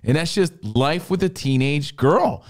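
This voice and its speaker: A middle-aged man, a podcast co-host, telling a comedic story in an animated way, acting out scenes with shouts and voices. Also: fairly high pitch, measured pace.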